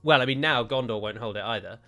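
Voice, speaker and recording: Young let's-play host, jokey, mid-pitched, faint music behind. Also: male voice, quick pace, bright, forceful tone. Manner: chatty, self-mocking and jokey. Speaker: gaming YouTuber.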